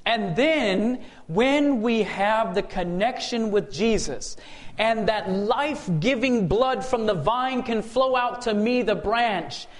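A man preaching a sermon in a church sanctuary, asking the congregation rhetorical questions and calling for amens. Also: very high-pitched.

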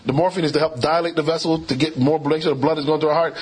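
A male preacher telling a story from his work as a doctor, his voice pitched high with a husky edge. He acts out each exchange as he tells it, then turns it into a sermon lesson. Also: very fast, low-quality recording. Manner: animated storyteller, acts out quoted dialogue. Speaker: preacher and physician.

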